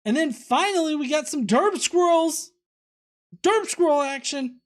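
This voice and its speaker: A man's voice: extremely high pitch, animated, a little slow. A man hosting a livestream, casually reading viewer comments aloud with many fillers and restarts. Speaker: host.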